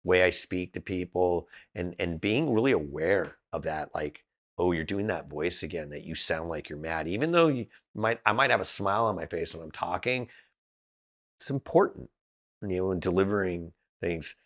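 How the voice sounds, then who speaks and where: With a deep voice and lively intonation, this man talks at a moderate pace. He's from Southern California, a business founder and podcast guest whose casual storytelling is candid, blunt and direct, full of restarted sentences.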